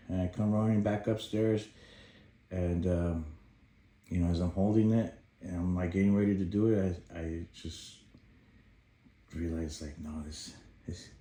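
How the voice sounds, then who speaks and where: Animated father telling a story, echoey room. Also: lowish voice, a little slow. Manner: animated, acts out his own past shouts. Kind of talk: personal storytelling.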